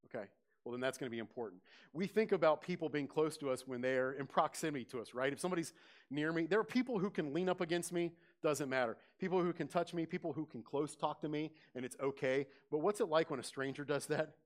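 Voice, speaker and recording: Male pastor, lively sermon delivery, questions to the room. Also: fairly high pitch, fast talker. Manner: animated preaching, questions to the congregation, rising loud on quoted scripture.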